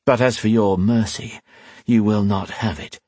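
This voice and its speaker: Low, deadly quiet menacing man, voiced by a male narrator, cold and seething. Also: fairly even intonation, a little slow, breathy edge, no echo. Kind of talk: audiobook character voice.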